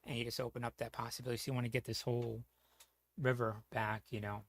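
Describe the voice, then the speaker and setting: Gravelly-voiced man rambling casually. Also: medium pitch, little pitch movement, fast talker. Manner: rambling, lots of fillers and restarts; swears casually. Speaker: streamer.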